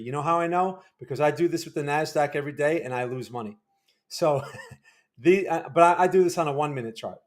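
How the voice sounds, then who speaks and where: A man hosting a casual livestream, analyzing market charts and answering chat, rambling and correcting himself as he thinks aloud. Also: on the high side.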